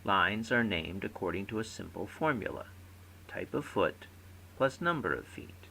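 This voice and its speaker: A man giving a recorded lecture, explaining terms clearly and stressing syllables in his example words. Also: fairly low pitch, very animated, moderate pace, sharp tone, a little hiss or hum, rough recording.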